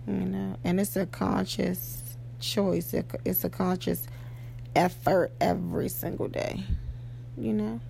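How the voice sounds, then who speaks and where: Gravelly woman giving an emphatic pep talk. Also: fairly low pitch, little pitch movement, takes it slowly, dark tone, a little hiss or hum. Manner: emphatic, keeps asking "okay?" and "you know?". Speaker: podcast host. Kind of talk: motivational monologue.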